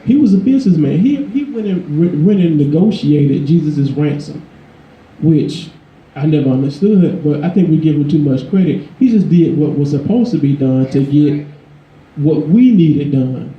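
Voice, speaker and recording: A man's voice: animated, moderate pace, highs cut off. Emphatic preaching man in echoey church. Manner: conversational, emphatic, rising in pitch for emphasis. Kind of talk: sermon.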